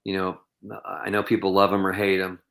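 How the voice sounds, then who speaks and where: A man's voice: low-pitched, monotone, a little fast, creaky, a bit bright. A man guest on a podcast interview, telling long anecdotes in an earnest, reflective way, with many "you know"s and "um"s. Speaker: podcast guest, professional bowler.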